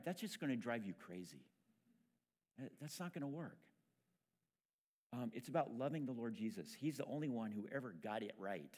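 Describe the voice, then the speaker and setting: A man's voice: medium pitch, a little mellow. A man preaching a sermon as pastor, talking in a conversational way with frequent restarts.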